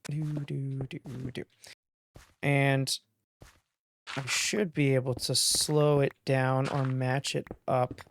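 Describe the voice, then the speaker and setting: Excitable man thinking aloud over gameplay. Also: medium pitch, slow pace, slight background noise. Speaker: gaming channel host. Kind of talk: casual gameplay commentary.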